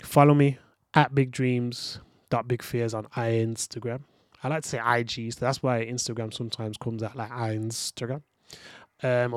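A man's voice: medium pitch, dry recording, studio quality. A young man hosting a motivational podcast monologue, earnest and reflective, talking straight to the listener. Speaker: podcast host.

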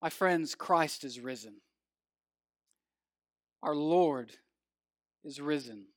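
A man preaching as pastor, reading scripture in a measured, earnest way and telling a story, his phrase ends falling soft. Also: a little high, dry recording, studio quality.

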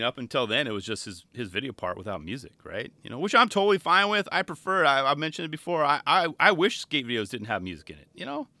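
A man's voice: mid-range voice, bright, forceful tone, no room sound. A man hosting a podcast from his home garage, chatting casually and at length, often acting out what people said. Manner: laid-back, rambling, acts out quoted voices. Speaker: podcast host reacting to a skate video. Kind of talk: casual spoken commentary. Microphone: studio microphone.

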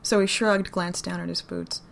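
Woman narrator, low gravelly voice, expressive storytelling read, faint ambience. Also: normal speed, a little hiss or hum. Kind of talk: fan fiction reading.

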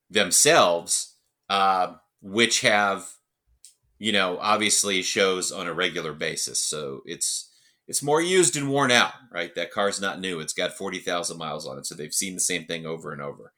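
Male podcast host, lowish bright voice, blunt and profane, casual rant-style review. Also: expressive, moderate pace. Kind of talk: casual wrestling review monologue.

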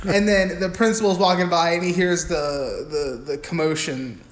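A man's voice: on the high side, steady tone, moderate pace. A man co-hosting a podcast, recapping a film casually with lots of swearing and silly acted-out dialogue. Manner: crude, rambling, acts out film dialogue in silly voices. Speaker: podcast co-host. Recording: echoey room with noise.

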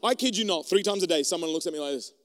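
A man preaching a sermon to a room of people, animated and joking, and talking in a loose conversational way. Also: sits high, rapid-fire, in a large hall. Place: room with an audience.

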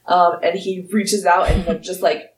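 A woman's voice: fairly low pitch, level tone, normal speed, recorded from a distance. Casual woman game master in a roomy space. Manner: casual, full of "like" and restarts. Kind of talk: narrating a tabletop game. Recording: roomy, a bit off-mic.

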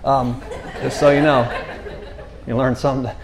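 A man telling a faith story in an animated, rambling way, often restarting and saying "you know". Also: mid-range voice, normal speed, some chatter behind. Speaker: speaker sharing a faith testimony. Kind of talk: casual spoken testimony.

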